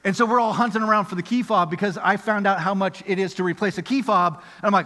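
A middle-aged man preaching a sermon, telling a story in a lively, conversational way, going from loud excitement to quiet earnest appeals. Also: high voice, fast talker, hardly any pauses. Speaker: pastor. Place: church auditorium. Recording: music under voice in a reverberant hall.

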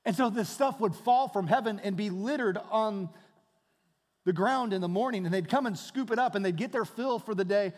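A man preaching a sermon, shifting between hushed, quiet passages and loud, animated storytelling. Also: high-pitched, normal speed. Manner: dynamic preaching, dropping to hushed tones then rising loud. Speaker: pastor. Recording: long hall reverb.

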